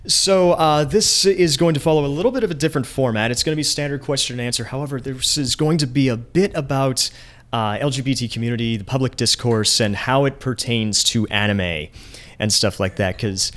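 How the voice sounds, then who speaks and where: A man hosting a casual interview at an anime convention, chatty and enthusiastic and quick to laugh. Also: medium pitch, a bit bright. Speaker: interviewer host.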